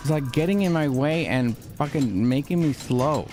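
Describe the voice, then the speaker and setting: A man streaming a horror game live, exasperated and swearing, repeating words in rapid bursts. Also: a little high, dark tone, faint music behind. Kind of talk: live gameplay commentary.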